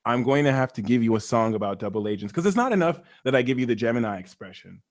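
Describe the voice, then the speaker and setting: A man hosting a live astrology Q&A stream, talking in a theatrical, excitable, jokey way. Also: medium pitch, fast.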